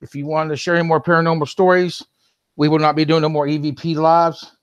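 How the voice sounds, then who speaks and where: A man's voice: on the high side, flat delivery, fast, clear, resonant tone. A man hosting a live call-in stream, talking casually and addressing viewers and moderators directly.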